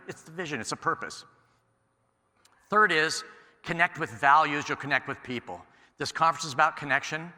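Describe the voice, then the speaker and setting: Man speaking in an echoey hall. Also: medium pitch. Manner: animated storyteller, acts out quoted exchanges. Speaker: keynote speaker. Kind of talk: conference keynote storytelling. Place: large conference hall.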